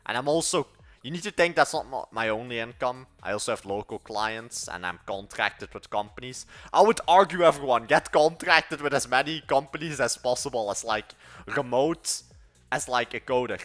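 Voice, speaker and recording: A teenage man from Belgium with an accent that blends several European sounds, talking to viewers on a live coding stream. His voice is bright and forceful, at a middle pitch, and he rambles, restarts sentences and states blunt opinions. Faint music plays underneath. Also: expressive, moderate pace. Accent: Belgian, mixed European-sounding. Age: late teens. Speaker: livestreaming coder. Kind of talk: casual livestream chat answering viewers.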